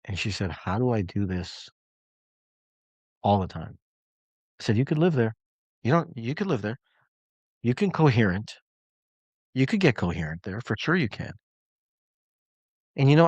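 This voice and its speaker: A man's voice: mid-range voice, sing-song, normal speed, long pauses, breathy edge, dry recording, lo-fi sound. A man coaching clients on a live call, telling a story in an emphatic, conversational way.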